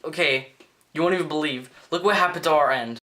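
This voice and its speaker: Teen male vlogger, bright and slightly high voice, rambling and excitable storytelling. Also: a little fast. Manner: rambling, excitable, lots of "like" and restarts. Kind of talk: casual storytelling vlog.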